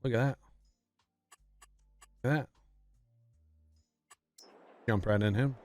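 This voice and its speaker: A man's voice: medium pitch, slow, a little mellow, faint music behind. A man livestreaming a farming game, chatting casually with his viewers and often apologizing with a laugh. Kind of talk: casual gameplay commentary.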